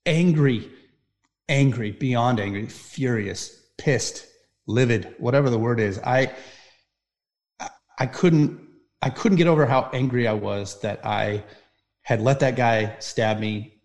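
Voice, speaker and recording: Intense man telling a personal story. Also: mid-range voice. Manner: intense, vivid, swings from loud to hushed. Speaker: podcast guest.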